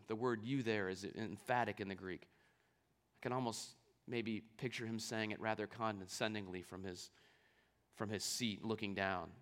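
A man's voice: fairly low pitch, moderate pace, fairly bright tone. A man preaching a sermon, reading scripture aloud and explaining it, asking rhetorical questions along the way. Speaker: pastor.

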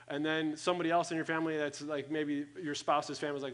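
Young male pastor, fairly high voice, lively sermon delivery that swings loud and soft, addressing a congregation. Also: fast talker, hardly any pauses. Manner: energetic, acts out quoted thoughts, swings loud and soft. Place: church hall with audience.

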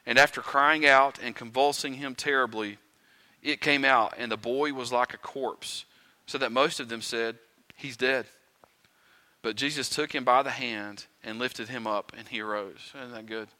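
Bright-voiced man preaching. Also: medium pitch, steady tone, moderate pace. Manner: conversational preaching, rhetorical questions, dramatic quiet and loud swings. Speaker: pastor. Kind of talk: sermon. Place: church sanctuary.

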